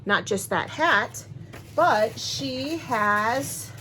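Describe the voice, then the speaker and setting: Chatty woman, bright voice. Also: fairly high pitch, lively intonation, drawn-out words, noisy background. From Wisconsin, USA. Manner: chatty, rambling, talks straight to viewers. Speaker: crochet vlogger. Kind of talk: casual unboxing chat.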